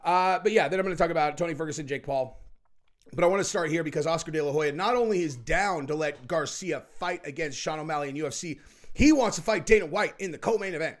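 A man's voice: a little high, brisk. Rambling, emphatic man with a raised voice. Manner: rambling, emphatic, restarts often. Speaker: show host. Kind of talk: casual opinion commentary.

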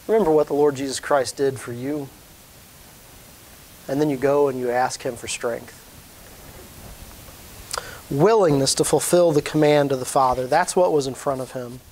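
A man preaching a sermon as pastor, earnest and rising in pitch when he stresses a point. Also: darkish tone.

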